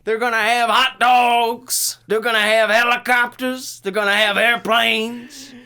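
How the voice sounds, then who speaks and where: A man voicing an overexcited old farmer in a loud, high, gushing way. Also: flat delivery, measured pace, creaky, smooth, full character voice. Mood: thrilled.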